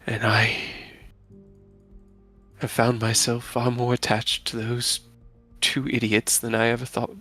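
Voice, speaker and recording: A man playing a soft-spoken bookish woman scholar. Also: medium pitch, completely flat delivery, slightly rough, soft background music. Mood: sad, confiding. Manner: soft-spoken, halting, drifting into whispers. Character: gentle bookish woman scholar, shaken and tender.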